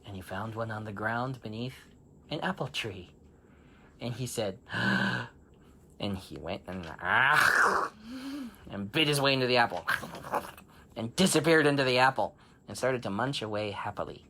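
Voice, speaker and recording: A man telling an improvised bedtime story to children, playful and animated, with sound effects and laughter. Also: mid-range voice, moderate pace, a little hiss or hum.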